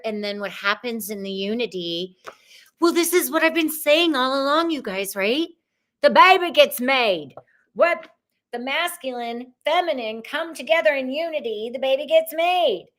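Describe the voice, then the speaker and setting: A woman's voice: mid-range voice, fairly bright tone. A middle-aged woman hosting a live-streamed tarot reading, chatty and exclamatory with spiritual messages. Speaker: tarot reader and host.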